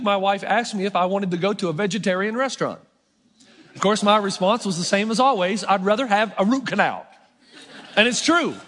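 A middle-aged male pastor delivers a sermon in a strikingly high voice. He keeps it conversational, poking fun at himself between points. The sound carries the long, ringing reverb of a church sanctuary. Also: a bit bright. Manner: conversational, self-mocking humor.

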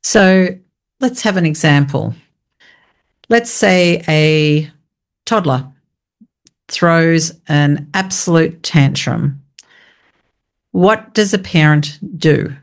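A woman hosting a conversational interview, asking questions in a measured way. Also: deep voice. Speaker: interview host.

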